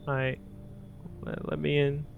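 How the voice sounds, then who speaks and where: A man's voice: fairly high pitch, monotone, takes it slowly, creaky, phone-quality sound, noisy background, voice pushed up. A man voicing a scared little girl who stammers, without really changing his voice. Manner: stammering, shaky. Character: frightened little girl whose father was killed.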